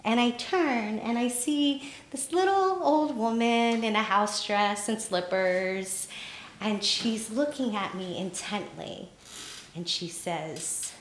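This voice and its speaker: A woman tells a personal story at a live storytelling night, animated and self-deprecating with frequent laughter. She speaks slowly in a slightly high voice. The sound is roomy and echoing, as in a small theater. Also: a little hiss or hum. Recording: echoey room.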